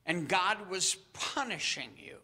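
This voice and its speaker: A male pastor delivers a sermon in a high, very bright voice. He speaks slowly and earnestly, breaking his phrases with dramatic pauses. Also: lively intonation.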